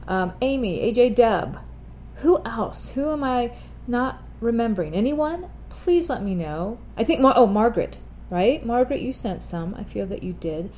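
A woman's voice: a little high, lively intonation, normal speed, darkish tone, slight background noise. Chatty rambling woman podcast host. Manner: chatty, rambling, self-correcting, laughs at herself. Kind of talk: casual chat.

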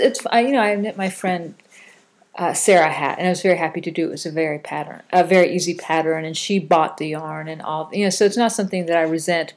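A woman hosts a casual podcast. She rambles through listener comments, full of fillers and quick self-corrections, in a relaxed, chatty way. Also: sits low. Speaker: podcast host.

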